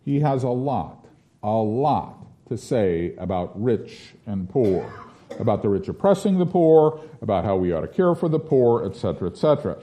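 A man preaching a sermon, reading scripture aloud with forceful declamation and talking it through in between. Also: on the low side, sing-song, normal speed.

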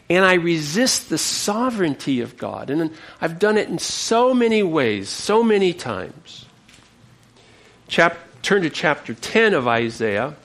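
A male pastor preaching a sermon, passionate and expressive, often repeating words as he goes. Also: a little high. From United States.

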